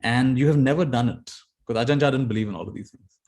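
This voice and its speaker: A man giving a dharma talk as meditation teacher, telling stories gently and repeating key phrases. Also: medium pitch, fast talker.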